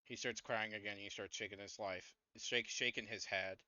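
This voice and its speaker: A man narrates a tabletop game as game master with a bright, tense voice, stopping often with fillers. The audio is dry and slightly dull. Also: fairly low pitch, steady tone, normal speed, no room sound. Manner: hesitant, filler-heavy narration.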